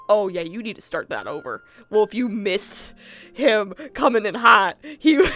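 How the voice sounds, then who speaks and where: Woman streamer chatting w her viewers, swears a lot, kinda high voice, faint music underneath. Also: very animated, a little slow, a bit bright. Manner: chatty, swears casually, addresses chat directly. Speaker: livestreamer. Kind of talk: casual chat with viewers after a roleplay session.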